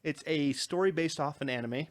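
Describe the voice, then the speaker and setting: A young man co-hosting a podcast, chatting casually in a rambling, animated way and laughing often. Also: a little high, moderate pace. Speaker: podcast co-host. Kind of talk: casual chat.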